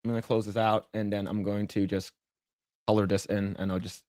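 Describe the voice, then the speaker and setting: This co-host's voice sits on the low side, brisk and flat with a darkish tone, recorded in clean studio sound without echo. He's drawing on stream during a casual podcast chat, rambling, repeating himself and cursing freely when irritated.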